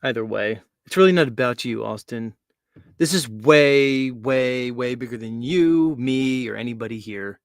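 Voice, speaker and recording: A man's voice: medium pitch, measured pace, dry recording. Mocking, rambling male show host. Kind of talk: casual livestream talk.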